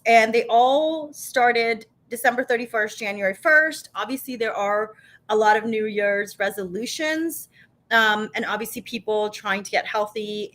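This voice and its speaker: Streaming casually from her home kitchen, a co-founder who hosts a live show talks in a chatty, upbeat manner with plenty of fillers and false starts. Her voice is higher-pitched and a bit bright.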